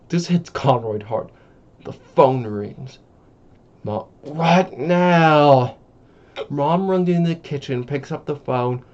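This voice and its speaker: A man's voice: medium pitch, takes it slowly, darkish tone. A man casually reading a screenplay aloud, with offhand asides and swearing, on a dull lo-fi recording. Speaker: channel host reading a screenplay. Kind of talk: casual comedic script read-through.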